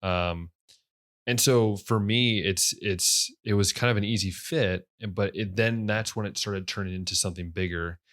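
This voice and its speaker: A young man hosting his own podcast, talking casually in a low radio voice, rambling with many fillers and restarts. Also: fairly even intonation, moderate pace, a bit bright. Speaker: podcast host. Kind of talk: casual solo podcast talk.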